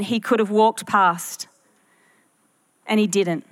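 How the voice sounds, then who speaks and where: A woman's voice: medium pitch, fairly even intonation, slow pace. A woman pastor preaching a sermon to her church, earnest and full of rhetorical questions to the congregation.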